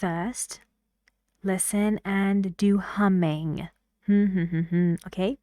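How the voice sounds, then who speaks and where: A woman teaches English pronunciation step by step. Her delivery is slow and deliberate. The sound is dry, with no room around it. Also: mid-range voice, a little mellow, no room sound. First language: Persian. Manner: slow, deliberate, demonstrates by humming and shadowing. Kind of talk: pronunciation lesson.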